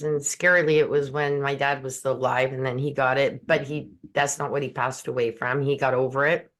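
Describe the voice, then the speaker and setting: A podcast host chatting casually, with hesitant pauses and fillers. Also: medium pitch, level tone, fairly bright tone. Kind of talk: podcast conversation.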